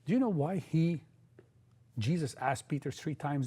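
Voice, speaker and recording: A man preaching a sermon, emphatic, often repeating key phrases and sometimes halting and restarting. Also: fairly high pitch, lively intonation, dark tone, husky.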